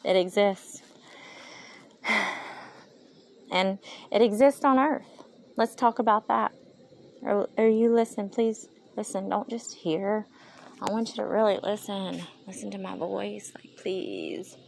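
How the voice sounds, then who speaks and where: Woman, raspy fry-tinged voice, rambling and emotional, Valley Girl-ish, tired, phone mic outdoors, faint crickets behind. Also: mid-range voice, a little slow, long pauses, a little hiss or hum. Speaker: podcaster. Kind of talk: confessional podcast monologue. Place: outdoors in a yard at night. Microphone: handheld phone while pacing.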